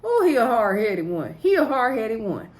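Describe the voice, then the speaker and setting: Her high, sing-song voice moves at a moderate pace as she casually recaps a TV episode for her vlog audience. The woman wanders off on tangents, speaks directly to viewers, and often says "so anywho."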